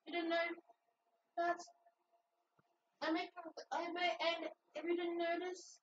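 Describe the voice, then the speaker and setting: A woman's voice: very high-pitched, level tone, slow, pauses often. A woman vlogger chatting casually with teasing, rambling asides while crafting. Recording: echoey, distant, dull, noisy room.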